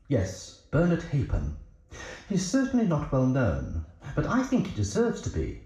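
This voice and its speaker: A man's voice: medium pitch, mellow. An actor playing a pedantic male music professor who speaks precisely and gets carried away. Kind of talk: stage play acting. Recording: roomy, dull stage sound.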